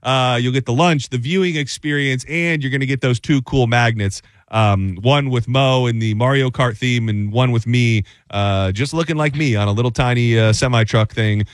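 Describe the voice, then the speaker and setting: A man's voice: mid-range voice, moderate pace, hardly any pauses, dry recording, studio quality. A young man co-hosting a morning show in casual banter, rambling, stammering and repeating himself in a playful way. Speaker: radio co-host.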